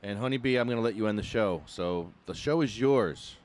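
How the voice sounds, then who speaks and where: A man's voice: lowish voice, a little fast, darkish tone. A man co-hosting a casual podcast, easygoing and given to repeating words as he starts. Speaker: podcast co-host.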